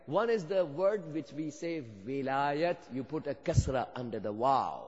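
A male preacher tells a story, his slightly high voice rising into fervent emphasis. The sound is dull and muffled. A long reverb trails behind him, as in a large hall. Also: sing-song, moderate pace, a little mellow. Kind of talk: sermon.

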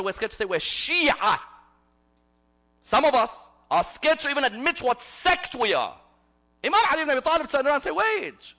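Male preacher telling a story in a sermon, forceful bright voice, dramatic swings from loud to hushed. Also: high-pitched.

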